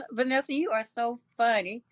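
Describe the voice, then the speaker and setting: A woman's voice: a little high, a little slow, a bit bright, dry recording. A woman hosting a casual live chat, reading comments aloud, teasing her viewers and laughing often. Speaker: livestream host.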